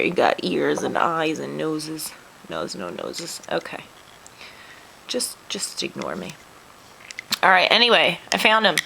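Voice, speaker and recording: Woman, craft tutorial host, chatty, sniffling, gravelly lowish voice, faint hiss behind. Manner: chatty, self-deprecating, talks through her hands-on work. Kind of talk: step-by-step loom tutorial.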